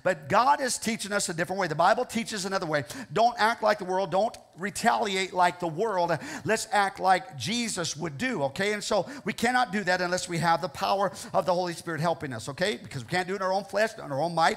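A man's voice: sits high, a bit bright. A man with a Midwestern American accent preaching a sermon as pastor, earnest and repetitive, often checking in with the congregation. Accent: Ohio, American Midwest. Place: church sanctuary.

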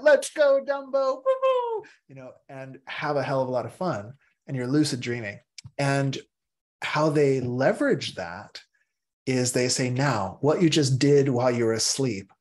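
A male meditation teacher giving a casual class talk, acting out inner voices with sudden jumps into a high, excited tone.

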